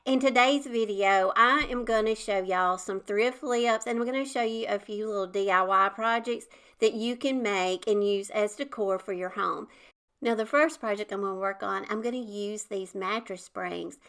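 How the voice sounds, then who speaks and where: A woman's voice: medium pitch, normal speed, a bit bright, clear, resonant tone. A middle-aged woman, chatting in a homey way as she shows her craft projects to viewers. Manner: chatty and homey, says "y'all" often. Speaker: DIY home decor channel host. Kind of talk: casual how-to narration.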